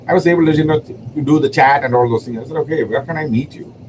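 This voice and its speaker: A man's voice: on the high side, fast talker, background noise. A man with a non-native English accent, hosting a livestream and telling stories in a rambling, casual way, with frequent laughter. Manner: rambling, heavy use of "you know", frequent laughter. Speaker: livestream host and poet.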